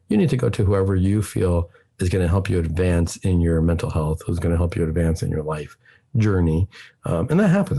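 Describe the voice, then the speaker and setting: Gravelly-voiced psychiatrist telling a story. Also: male voice, fairly low pitch, mellow. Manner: anecdotal, acts out quoted dialogue; frequent fillers and restarts. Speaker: psychiatrist guest. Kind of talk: radio talk, telling a patient story.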